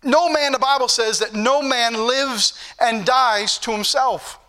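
High bright-voiced preacher man. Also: measured pace. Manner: preachy, repetitive emphasis. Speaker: pastor. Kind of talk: sermon.

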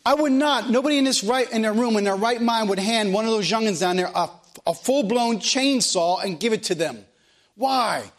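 A man's voice: high voice, moderate pace. A man preaching a sermon as pastor of a church, in plain country speech, asking the room question after question.

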